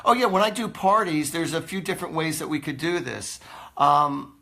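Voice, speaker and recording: A man's voice: a little high, moderate pace, creaky, sharp tone. A man, a psychic host chatting casually on a live stream, rambling and laughing often.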